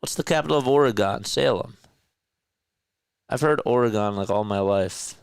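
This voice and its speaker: A man with a South Jersey accent calling a basketball game as a casual live-stream play-by-play commentator, chatty and quick to correct himself. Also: on the low side, creaky, clean tone, no echo, clean studio sound. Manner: chatty, laughs easily, corrects himself mid-call.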